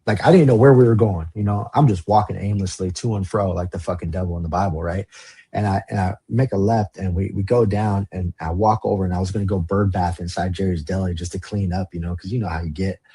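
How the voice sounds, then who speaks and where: Podcast guest from the Valley, low raspy male voice, casual storyteller who swears and rambles. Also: steady tone, fast talker, dark tone. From Los Angeles, San Fernando Valley. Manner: casual, rambling, swears, heavy use of "like" and "you know". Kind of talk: candid storytelling interview.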